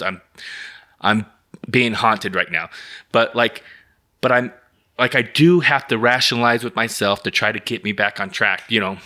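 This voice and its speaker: A man co-hosting a podcast in casual chat, telling stories in an animated, profane way. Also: mid-range voice, normal speed. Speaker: podcast co-host.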